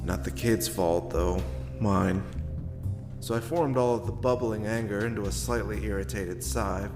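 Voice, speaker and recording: A man narrating in the first person as a world-weary, gruff detective who swears freely. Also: fairly low pitch, measured pace, over music.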